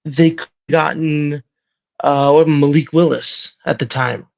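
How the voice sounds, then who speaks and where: A man calling in to a sports show, speaking calmly and hesitantly with frequent pauses. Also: a little high, creaky, muffled recording. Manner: calm, hesitant, with many ums. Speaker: caller. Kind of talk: call-in chat.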